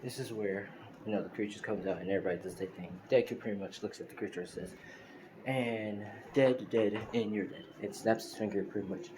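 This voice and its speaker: Brief: low-voiced man, rambling fan-story narration, noisy phone recording. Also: fairly even intonation, fast talker. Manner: loose, filler-heavy retelling.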